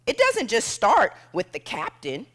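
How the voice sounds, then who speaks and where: On an event stage before an audience, an American woman gives a motivational keynote, telling a dramatic story in short, punchy phrases. She acts out quoted voices and drops to a hush at tense moments. Her voice is on the high side, unhurried, with huge pitch swings.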